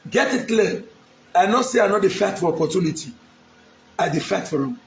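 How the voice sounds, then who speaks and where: Nigerian guy from edo pleading w his people, high voice, keeps repeating himself, echoey room w faint hum behind. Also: lively intonation, fairly quick, creaky. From Edo State, Nigeria. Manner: pleading and emphatic, repeats lines. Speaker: aspiring local politician. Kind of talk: direct-to-camera public appeal.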